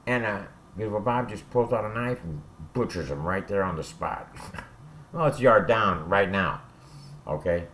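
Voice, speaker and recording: A man's voice: on the low side, expressive, normal speed. A man who served time tells prison stories in a blunt, profane way and keeps checking in with "all right?". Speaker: former prisoner telling stories. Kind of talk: casual spoken storytelling.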